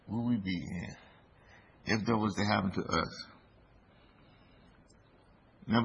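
A man preaching a sermon in a slow, deliberate way, his voice rising for emphasis. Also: on the low side, vocal fry, husky. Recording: dull lo-fi recording with faint background noise.

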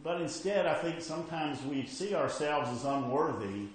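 A man preaching a sermon in a conversational way, often checking in with "okay?" and dropping quiet when he reads scripture aloud. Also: moderate pace, very echoey, low-quality recording. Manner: rises for emphasis, then drops low and quiet when reading scripture.

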